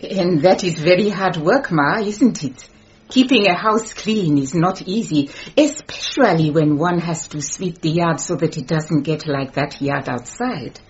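Mma Ramotswe, calm and shrewd. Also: female voice, lowish voice. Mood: sly. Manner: measured, polite, pointedly sly. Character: shrewd, calm, composed woman, newly engaged. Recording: dull lo-fi radio recording.

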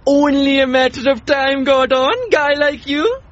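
An actor playing a smooth-talking young male salesman in a radio sitcom, who wheedles and keeps repeating the customer's name. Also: extremely high pitch, animated, a little slow, fairly bright tone, heavily acted. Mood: wheedling. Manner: wheedling, repeats names constantly. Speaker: shop salesman. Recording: dull lo-fi radio recording.

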